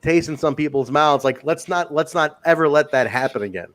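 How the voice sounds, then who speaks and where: A man's voice: fairly high pitch, expressive, a little fast. A man hosting a wrestling podcast, chatting casually, swearing now and then and reading viewer comments aloud. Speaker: podcast host.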